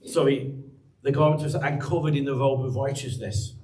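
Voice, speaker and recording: A man's voice: mid-range voice, moderate pace, mellow, echoey room, distant mic, low-quality recording. An English man preaching a sermon as pastor, chatty and teasing the congregation by name. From England. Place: church hall.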